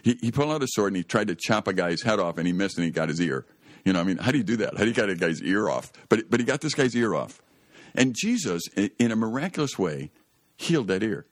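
Deep-voiced man preaching on radio. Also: sing-song, fast, no echo, studio quality. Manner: earnest, emphatic storytelling, rising to exclaim. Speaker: radio show host. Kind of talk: Christian radio talk, preaching.

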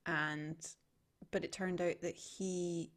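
A woman's voice: on the low side, steady tone, slow pace. A middle-aged woman co-hosting a podcast, chatting casually and trailing off into restarts. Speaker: podcast co-host. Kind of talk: casual chat.

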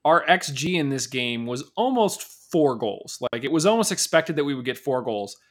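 A man hosting a laid-back sports podcast, talking at an everyday middle pitch. He keeps things chatty and loose, sprinkling in "um" and "like" as he steers the conversation. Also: very animated, normal speed. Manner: easygoing, chatty, lots of fillers like "um" and "like". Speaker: podcast host. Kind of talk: casual sports podcast chat.

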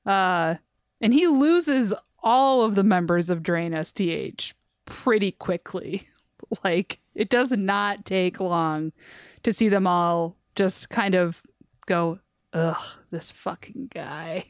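Slow, laughing woman podcast host. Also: medium pitch, clear, resonant tone, no room sound, studio quality. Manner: laughs often while retelling stories. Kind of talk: casual chat reviewing music.

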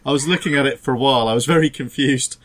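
A man with a mid-range voice talks fast as a podcast co-host, rambling and self-deprecating in casual chat.

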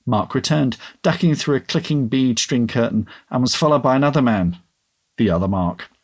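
A man reading his own story aloud in an expressive audiobook style, then chatting casually. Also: medium pitch, moderate pace.

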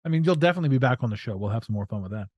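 A man hosts a loose, casual podcast and talks at a middle pitch. He tells stories in an animated way and slips into silly voices for a laugh. The recording is dry and close, with no room sound. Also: rapid-fire, no room sound. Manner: animated, acts out voices and jokes. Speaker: podcast host.

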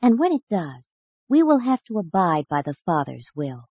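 A woman voicing a gentle, patient male teacher who speaks in a measured, earnest way. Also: fairly low pitch, big pitch swings, slightly rough, no room sound, lo-fi sound, heavily acted.

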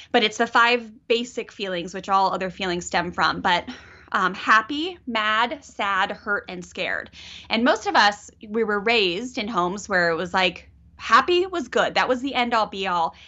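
Bright, chatty woman parenting coach. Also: mid-range voice, unhurried, muffled recording. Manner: animated, chatty, acts out quotes. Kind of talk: coaching call.

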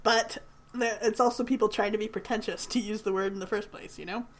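A woman co-hosting a podcast in casual chat, easygoing and quick to laugh. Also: medium pitch, steady tone. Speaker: podcast co-host.

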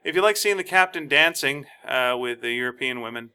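A man co-hosting a casual chat, sarcastic and quick to act out mock dialogue. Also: mid-range voice, expressive, pushed and bright, clean tone. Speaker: podcast co-host. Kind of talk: casual chat reviewing films.

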